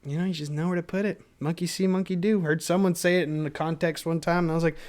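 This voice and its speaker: A man's voice: fairly high pitch, fairly even intonation, fast, darkish tone. A man hosting a casual solo podcast, rambling in a self-deprecating stream of consciousness with lots of fillers, a little tipsy from wine.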